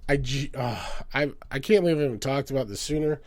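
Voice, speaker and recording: A man hosting a show, ranting in a profane comedic way and swinging between loud outbursts and low mutters. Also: fast, no room sound, clean studio sound. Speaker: podcast host.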